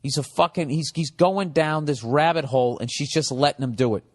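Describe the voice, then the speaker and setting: A man's voice: a little high, a little fast, big-room sound. Man ranting profanely on a podcast. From United States. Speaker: comedian and podcast host. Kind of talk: comedic podcast monologue.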